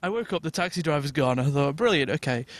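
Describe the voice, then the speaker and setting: A man on a podcast telling a long, funny story in a casual, animated way and laughing as he goes. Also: on the high side, fast, dry recording. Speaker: podcast co-host.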